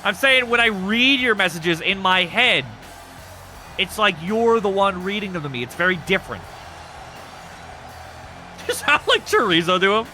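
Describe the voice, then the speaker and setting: Male streamer host, high bright voice, lively pitch, excitable and joking, swears a lot. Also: normal speed, long pauses, soft background music. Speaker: streamer hosting a wrestling show. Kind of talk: casual live-stream chat with viewers.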